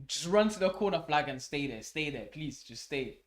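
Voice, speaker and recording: A young man hosting a live football watch-along, swearing and shouting at the match as it unfolds. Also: on the high side, moderate pace, few pauses. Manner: swearing, excitable, shouts at the game. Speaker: fan channel host.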